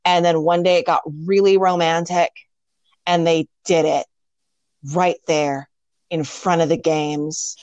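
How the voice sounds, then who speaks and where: A woman co-hosting a podcast, recapping a movie in wry, animated casual chat. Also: fairly low pitch, measured pace, no echo. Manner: animated, wry, acts out characters. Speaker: podcast co-host.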